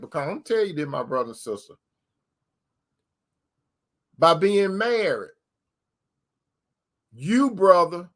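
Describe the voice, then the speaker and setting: A man's voice: on the high side, a bit bright. Man telling a story like a preacher. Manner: preacherly, repeats points, addresses listeners as brothers and sisters. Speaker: channel host. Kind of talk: storytelling advice talk.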